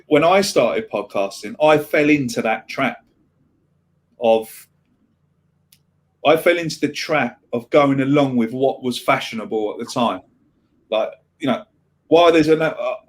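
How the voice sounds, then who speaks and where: A man co-hosting a casual podcast chat, rambling, repeating himself and swearing freely. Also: mid-range voice. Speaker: podcast co-host.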